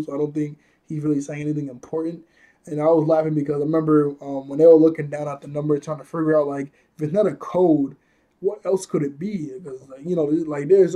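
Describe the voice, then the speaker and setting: A man's voice: a little high, mellow. A man casually recapping an anime episode, rambling, chuckling often and correcting himself as he goes.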